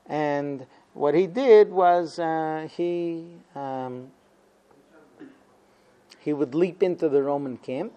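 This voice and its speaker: A man with a fairly high but mellow voice tells a story to his class. He acts out the quotes with energy and pauses often on fillers. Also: muffled recording. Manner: animated storyteller, acting out quotes, many fillers. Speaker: teacher of a Talmud class. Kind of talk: storytelling lesson.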